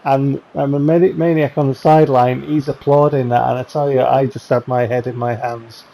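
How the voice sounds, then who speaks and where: A man talks casually over game highlights in a chatty, rambling, wry way. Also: steady tone, normal speed, gravelly, dark tone, poor audio. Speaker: gaming channel host.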